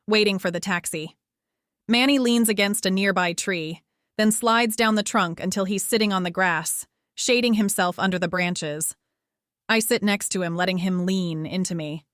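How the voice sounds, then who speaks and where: A woman reading a teen spy thriller as first-person audiobook narration, steady and lightly dramatic. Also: medium pitch, no room sound, studio quality.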